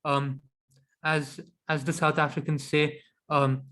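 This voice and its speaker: A man's voice: a little high, little pitch movement, slow pace, a bit bright. A man co-hosting a cricket podcast, giving opinionated, analytical takes in casual chat.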